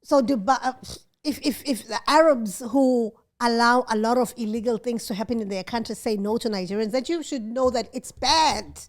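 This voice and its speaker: A woman co-hosting a casual chat podcast, animated and chatty, laughing often and mimicking others. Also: fairly high pitch, normal speed, few pauses. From South Africa. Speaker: podcast co-host.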